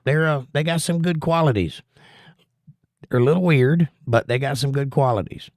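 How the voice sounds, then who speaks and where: A man's voice: medium pitch, normal speed, no echo. Opinionated Southern man reading chat, dry sound. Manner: opinionated, preachy asides. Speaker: livestream host reading chat. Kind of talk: casual livestream chat.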